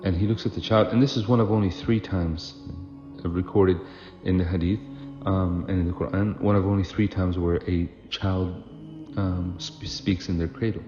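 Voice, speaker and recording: Low-voiced man preaching in an echoey hall. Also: steady tone, moderate pace. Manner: conversational, with fillers and restarts. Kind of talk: sermon storytelling. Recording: echoey hall, dull lo-fi, music.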